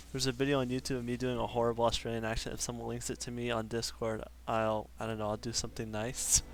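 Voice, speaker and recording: A man's voice: mid-range voice, flat delivery, a little fast, a little hiss or hum. A man streaming a game live, chatting casually and self-deprecatingly with his viewers. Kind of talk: casual live-stream chat while gaming.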